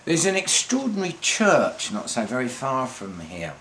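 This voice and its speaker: A man's voice: mid-range voice, wildly swooping pitch, a bit bright. An older comedian rambling through a one-man stage monologue, stumbling and restarting as he goes. His voice swings widely up and down, with a faint hiss of room noise behind it. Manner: rambling, halting, full of restarts. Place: theatre stage.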